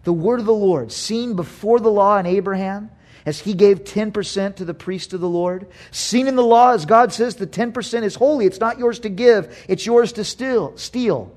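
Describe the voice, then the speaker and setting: A man, a pastor and father, preaching a sermon in an animated way, acting out quotes and swinging from loud to hushed. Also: high voice, normal speed.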